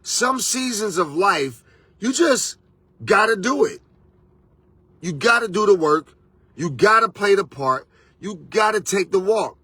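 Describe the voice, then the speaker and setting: A man's voice: high-pitched, lively intonation, measured pace, long pauses, bright, forceful tone, slightly rough, no echo. A man hosting a motivational monologue, preachy and repetitive, with casual slang. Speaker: motivational host and life coach.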